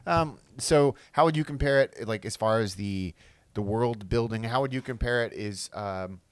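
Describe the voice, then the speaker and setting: A man's voice: medium pitch, clean tone, dry recording. Guy cohost on a games podcast, jokey and teasing, lots of uh's, mid voice, dry. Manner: teasing, halting with fillers. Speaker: podcast co-host. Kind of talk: casual chat about video games.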